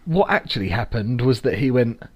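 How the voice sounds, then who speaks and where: A man co-hosting a podcast, telling a story in casual chat with a halting, joking delivery. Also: medium pitch, lively intonation. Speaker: podcast co-host.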